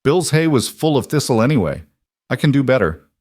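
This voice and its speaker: A man voicing a quiet cowboy who speaks in a calm, measured and firm way. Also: medium pitch, no echo, clean studio sound, pitched above the performer's own voice.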